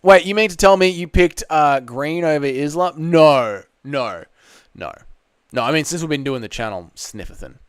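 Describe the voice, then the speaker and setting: A man's voice: on the high side, fairly quick, hardly any pauses, smooth, dry recording. An Australian man hosting a livestream, reading viewer comments aloud and answering them in casual, bantering chat from a room at home. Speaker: podcast host. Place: home room with balcony window open.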